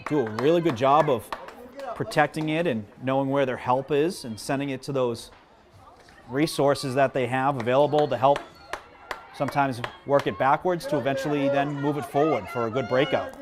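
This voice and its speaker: A man of middle pitch doing play-by-play outdoors at a high school game, with spectators clearly heard behind him. He chats easily with the folks at home, jokes about his own mistakes and explains the plays as they go. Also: moderate pace. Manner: chatty, self-deprecating, jumps to yelling on big plays. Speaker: play-by-play commentator. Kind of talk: live local sports commentary. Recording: crowd noise behind.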